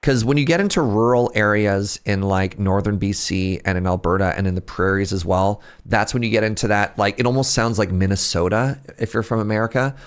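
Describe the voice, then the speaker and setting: A man's voice: fairly low pitch, brisk, hardly any pauses, clear, resonant tone. A man with a Pacific Northwest Canadian accent, chatting casually and rambling as he answers viewer questions while playing a game on a live stream.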